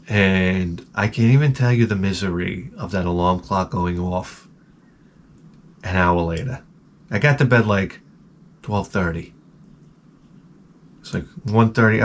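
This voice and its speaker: A man vlogging in a casual, rambling storytelling way, sarcastic and sometimes loudly exasperated. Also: sits low, slight background noise.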